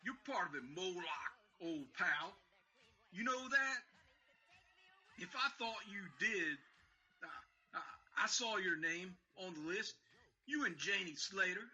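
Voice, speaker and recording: A man's voice: high voice, lively intonation, slow, pauses often, pushed and bright, breathy edge, muffled recording, full character voice. A man playing a drunk, weeping aging male vigilante who rambles and stammers in a fan audio drama. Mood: menacing. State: crying.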